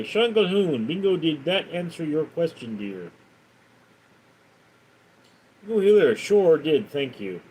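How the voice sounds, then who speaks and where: A man's voice: a little high, big pitch swings, unhurried, pauses often, a little mellow, a little hiss or hum, poor audio. A man hosting a live stream, casually reading out viewers' comments and answering them with chatty stories. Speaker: livestream host.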